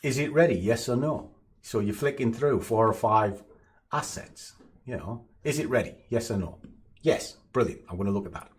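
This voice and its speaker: A man's voice: on the low side, expressive, moderate pace. A man giving a blunt, no-nonsense motivational monologue as a trading coach.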